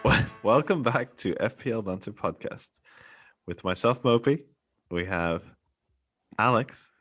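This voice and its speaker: A man's voice: on the low side, expressive, unhurried, a bit bright, faint music behind. A man hosting a casual football podcast, chatty and laughing often. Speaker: podcast host. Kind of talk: casual chat.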